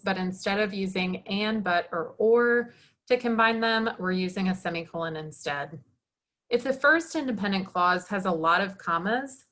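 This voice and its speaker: A woman instructor talks through a recorded lecture at a middle pitch. She explains patiently and evenly, now and then pausing on a filler or correcting herself. Her delivery is plain and classroom-like. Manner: explanatory, steady with occasional fillers and self-corrections. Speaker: journalism instructor.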